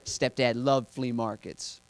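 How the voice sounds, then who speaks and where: A man doing a stand-up comedy set on a club stage, deadpan setups building to shouted punchlines. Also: medium pitch, slow pace, clean tone, no room sound.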